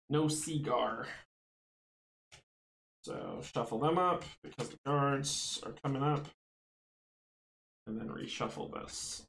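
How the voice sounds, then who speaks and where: A man's voice: medium pitch, vocal fry, roomy sound, slight background noise, poor audio. A man playing a tabletop board game solo, thinking aloud, counting out moves and chuckling often.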